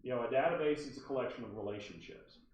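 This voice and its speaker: A man, giving a training talk to real estate agents as an animated storyteller with frequent asides to the room. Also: mid-range voice, fast talker, far from the mic, a crowd in the background. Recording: roomy room, voice off-mic.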